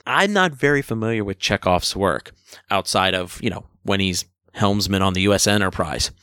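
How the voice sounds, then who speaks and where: A man's voice: low voice, moderate pace, bright, forceful tone, clear, resonant tone, dry recording, studio quality. A man hosting a casual film review chat, enthusiastic and full of jokey asides. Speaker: film review podcast host.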